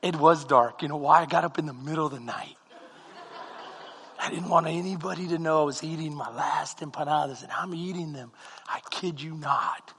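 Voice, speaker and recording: A man preaching a sermon as comic storytelling, animated and now and then breaking into shouts. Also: on the high side, normal speed, in a large hall, slight background noise. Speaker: pastor.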